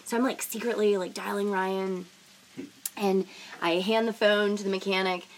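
A woman's voice: mid-range voice, fairly even intonation, moderate pace. A young woman with a scratchy voice from a sinus infection, chatting casually as a podcast host and telling stories full of "like" and "you know.".

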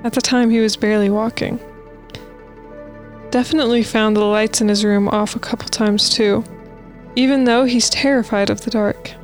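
A woman's voice: on the high side, steady tone, moderate pace, faint music behind. A woman co-hosting a podcast, reading listener stories aloud in a casual, playful way with asides. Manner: reads posts aloud with playful asides and laughs.

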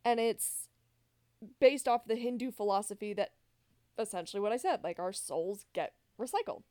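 A woman's voice: mid-range voice, normal speed, warm tone, dry recording, studio quality. A woman co-hosting a podcast in casual chat, rambling with lots of fillers and self-corrections. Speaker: podcast co-host.

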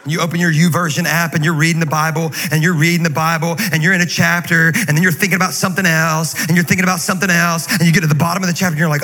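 A man preaching a sermon in an energetic, joking, conversational way. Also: fairly high pitch, rapid-fire, hardly any pauses. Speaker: guest pastor. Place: large church auditorium. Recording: reverberant hall, faint noise.

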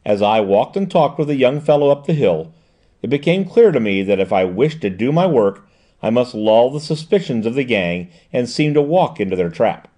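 A man reading the lines of a sharp, composed woman detective in an audiobook, explaining in a precise, measured way. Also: mid-range voice, big pitch swings.

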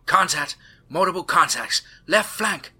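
A man's voice: mid-range voice, a little fast, bright, forceful tone, slightly rough. A man voicing a tense female drone operator calling out clipped warnings over military radio comms in a spoken story. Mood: urgent. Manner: urgent clipped radio calls.

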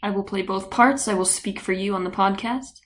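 A woman's voice: medium pitch, normal speed. Playful, rambling woman podcaster. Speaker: podcast co-host. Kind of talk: casual chat.

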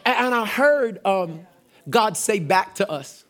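A middle-aged man, a pastor preaching a sermon energetically, shouting call-and-response lines to his congregation. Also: extremely high pitch, expressive, measured pace, pauses often, some chatter behind.

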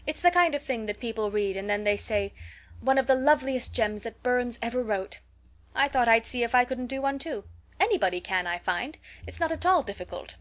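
A woman reading a bold, teasing schoolgirl from a storybook, higher and louder than the narration. She is emphatic and likes to sound grand and solemn in fun. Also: lively intonation, fairly quick, natural voice. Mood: mock-solemn. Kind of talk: audiobook character voice.

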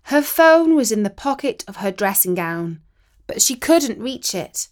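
A woman reading a children's story aloud in a slow, expressive way. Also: a little high.

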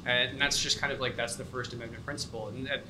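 A man's voice: medium pitch, level tone, quick pace. A man on a podcast, talking things through with many fillers. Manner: thoughtful, lots of fillers like you know and um. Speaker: podcast co-host. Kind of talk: casual podcast discussion. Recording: noisy podcast recording.

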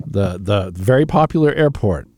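A man's voice: fairly low pitch, animated, normal speed, mellow, dry recording, studio quality. A man hosting a live talk radio show, chatting casually in a rambling, self-mocking way with frequent chuckles. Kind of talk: casual chat. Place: radio studio.

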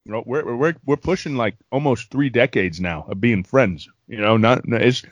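A man's voice: mid-range voice, moderate pace, dry recording, muffled recording. A man in his forties in casual sports-podcast chat, rambling and repeating himself as he talks. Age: 40s. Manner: rambling, repeats words when earnest. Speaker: podcast co-host.

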